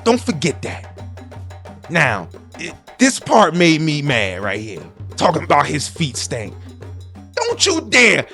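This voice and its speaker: Brief: a man doing an indignant male zealot, bright and high, swinging wildly up and down. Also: very animated, measured pace, soft background music, heavily acted. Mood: preachy. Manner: preachy sing-song rants with sudden shouted bursts. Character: zealous male conspiracy-minded defender, preachy and indignant. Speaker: comedic character.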